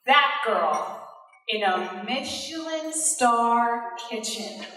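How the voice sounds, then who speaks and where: A woman from Puerto Rico delivers an inspirational stage speech in a bright, high voice. She talks slowly and emphatically, pouring emotion into each point. Her voice rings through a large hall with a long echo. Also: lively intonation. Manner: emphatic and emotional, quoting others dramatically. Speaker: motivational speaker. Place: large hall before an audience. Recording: echoey hall with long reverb.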